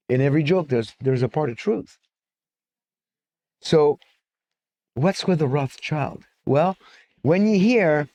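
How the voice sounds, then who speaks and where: A man speaking at a church conference in an animated, joking lecture style with frequent fillers. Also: mid-range voice. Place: church auditorium. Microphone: stand-mounted microphone.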